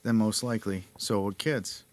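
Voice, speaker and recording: A man's voice: fairly low pitch, fairly even intonation, moderate pace, a little mellow, no echo. A man hosting a casual podcast, reading notes aloud and laughing at his own jokes. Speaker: podcast host.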